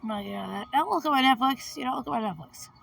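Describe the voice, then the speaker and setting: A chatty woman with a cold and a gravelly, slightly raised voice talks over a game she plays. She laughs often and calls out the characters as she reads. The mic sits some way off from her. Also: high voice, animated, rapid-fire, fairly bright tone, recorded from a distance, a little hiss or hum. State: has a cold. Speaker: gaming vlogger. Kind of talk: casual commentary reading a chatbot game aloud.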